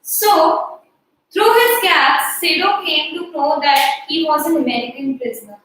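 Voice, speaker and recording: A woman's voice: high voice, measured pace, fairly bright tone, very echoey, far from the mic, low-quality recording. A woman teacher with an Indian English accent explaining a story to her class, mixing Hindi and English and acting out the characters, with plenty of fillers.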